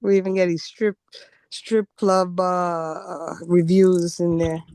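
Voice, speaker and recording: A woman co-hosting a casual podcast, chatting and laughing with quick asides. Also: lowish voice, level tone, mellow, no room sound. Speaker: podcast co-host. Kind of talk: casual chat.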